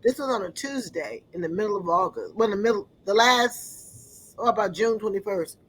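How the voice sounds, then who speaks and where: A woman giving an earnest personal testimony, often pausing to search for words. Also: medium pitch, a bit bright, husky, low-quality recording.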